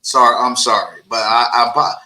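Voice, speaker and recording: A man hosting a casual interview, animated and joking, often stumbling and repeating words. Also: mid-range voice, normal speed, a crowd in the background, poor audio. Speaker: interview host.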